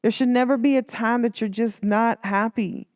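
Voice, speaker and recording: A woman's voice: a little high, fairly even intonation, moderate pace, a little mellow, dry recording, clean studio sound. A woman hosting a casual motivational talk, chatty and encouraging, with lots of filler words. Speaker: podcast host.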